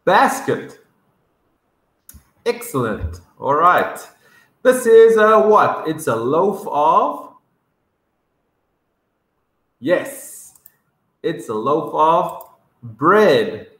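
A man teaching English words to young children, sounding them out slowly and coaxing them to repeat after him. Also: a little high, big pitch swings, a bit bright. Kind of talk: vocabulary lesson for kindergarteners. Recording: echoey room.

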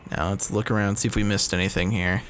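A man's voice: fairly low pitch, level tone, quick pace, fairly bright tone, a little hiss or hum. A man hosting a let's play, giving casual gameplay commentary with laid-back, profane, giggly asides.

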